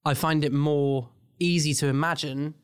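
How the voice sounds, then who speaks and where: A man's voice: a little high, steady tone, normal speed, clean tone. A man co-hosting a podcast who chats casually in an easygoing, teasing way. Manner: easygoing and teasing, prone to playful pleading. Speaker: podcast co-host. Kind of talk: casual chat.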